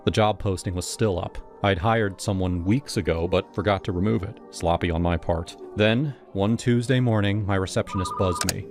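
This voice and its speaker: A man giving a steady, scripted first-person narration of a horror story. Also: sits low, moderate pace, hardly any pauses. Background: music.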